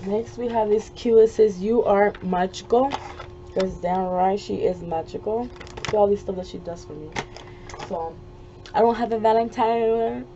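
A woman's voice: medium pitch, moderate pace, warm tone, lo-fi sound. A woman vlogger chatting casually while making a gift, easily frustrated and swearing often. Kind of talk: casual craft vlog chat. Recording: faint background noise.

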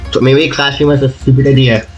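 A man giving casual, excitable gameplay commentary as host of a gaming channel, trash-talking in slang. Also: mid-range voice, a little fast, muffled recording. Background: loud game music.

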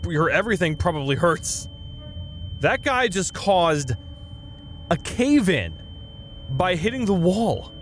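A young man giving casual, excitable gameplay commentary, often swearing and saying dude. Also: sits high, takes it slowly, pauses often, slight background noise. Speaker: let's play gamer. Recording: game music playing behind.

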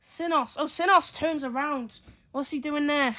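A woman giving excitable play-by-play fight commentary, full of exclamations and counts. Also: high voice, measured pace.

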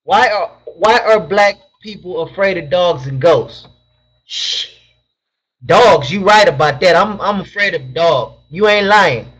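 High-voiced slangy young man on a stream. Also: animated, a little slow, a bit bright, breathy edge. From Southern California. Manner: loose slangy banter, reads chat questions aloud. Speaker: live stream host answering chat questions. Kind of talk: casual live-stream chat. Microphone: webcam mic. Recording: dull lo-fi webcam audio.

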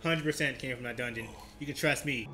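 A man giving excitable gameplay commentary, trash-talking and yelling at the enemies he fights. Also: medium pitch, fairly quick, background noise. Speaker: gaming video host.

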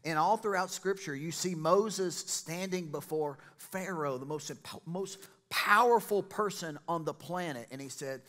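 A male pastor, preaching a sermon in an excitable, joking way. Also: fairly high pitch, a little slow, few pauses.

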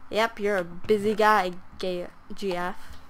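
A young woman plays through a game map and talks along, reading its story text aloud. She speaks slowly, trips over words and laughs at her own mistakes. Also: medium pitch, level tone, a bit bright, a little hiss or hum. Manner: stumbles over words, self-mocking. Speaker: gamer.

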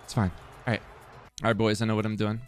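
A man's voice: fairly low pitch, flat delivery, fast talker, soft background music. A young man muttering casual commentary to himself while streaming a football video game, self-deprecating and swearing.

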